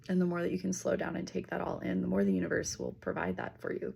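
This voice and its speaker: A woman giving a casual spiritual reading and leading slow breathing, talking loosely with fillers and the odd swear word. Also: on the low side, completely flat delivery, vocal fry, a little hiss or hum. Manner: slows down and softens into near-whispers. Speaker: intuitive reader.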